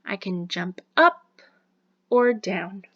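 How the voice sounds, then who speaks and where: A woman's voice: mid-range voice, expressive, slow pace, fairly bright tone. A young woman instructor giving homework instructions at the end of a recorded online lecture, casual and full of ums. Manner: casual, filler-heavy with many ums. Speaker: college instructor. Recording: dull lo-fi recording.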